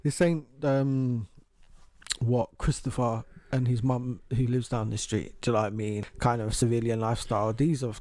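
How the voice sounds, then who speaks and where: A man's voice: medium pitch, fairly even intonation, moderate pace, mellow, no echo. A man with a London accent co-hosting an uncensored podcast. He talks in a loose, casual way, swears freely and laughs often. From south-east London. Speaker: podcast co-host.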